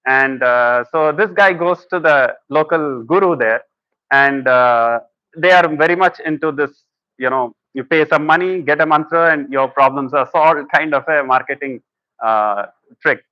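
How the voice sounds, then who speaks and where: A man's voice: fairly high pitch, a little slow, no echo. Man giving a spiritual talk, dry dull sound. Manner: conversational, storytelling with acted quotes. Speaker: speaker at a talk. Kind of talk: spiritual lecture.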